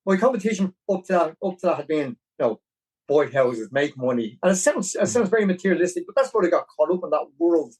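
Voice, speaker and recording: Lively Dublin man telling stories. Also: a little high, fast talker, slightly rough, far from the mic, poor audio. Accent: Dublin Irish. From Ireland. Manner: animated, self-deprecating storyteller. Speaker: podcast guest, marathon runner. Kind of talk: casual storytelling interview.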